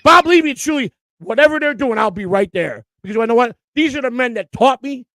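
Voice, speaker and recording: A man's voice: very high-pitched, animated, brisk, a bit bright, no echo. A man co-hosting a streamed morning show, ranting in a profane, repetitive and emotional way. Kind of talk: heated livestream rant.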